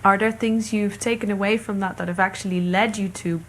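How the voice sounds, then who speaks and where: A woman hosts a podcast interview with a mid-pitched, ordinary voice. She reflects on her guest's story and asks thoughtful follow-up questions in a casual, empathetic way. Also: steady tone, fairly quick. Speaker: podcast host.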